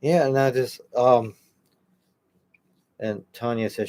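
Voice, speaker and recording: A man co-hosting a paranormal podcast, chatting in a relaxed way, laughing often and reading out listener comments. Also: on the low side, takes it slowly, long pauses. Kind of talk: casual chat. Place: home studio.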